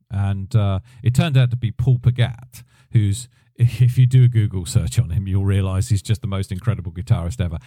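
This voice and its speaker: Chatty man, low mellow voice. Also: no room sound, clean studio sound. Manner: rambling, self-correcting, chatty. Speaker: podcast host, drummer. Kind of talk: casual storytelling.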